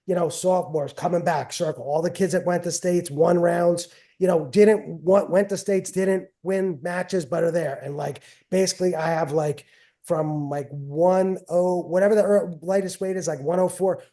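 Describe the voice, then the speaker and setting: Middle-aged man, guest coach: rambling, repetitive storyteller, slightly high voice, warm tone. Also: normal speed. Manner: rambling, repeats phrases, chatty and self-mocking. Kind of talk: casual storytelling interview.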